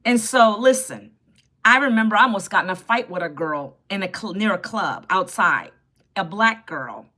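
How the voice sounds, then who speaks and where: Bright-voiced woman in her fifties. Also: mid-range voice, expressive, normal speed. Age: 50s. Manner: chatty and sassy, greets viewers and answers chat. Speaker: livestream host. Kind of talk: casual live-stream chat. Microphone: phone.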